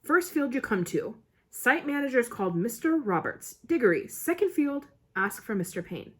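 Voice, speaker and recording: A matter-of-fact wizard who gives directions quickly, as a woman reads him aloud. The voice is breathy and husky, and its pitch swings widely. It sounds like a storybook reading. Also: big pitch swings. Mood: brisk. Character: brisk male wizard giving directions.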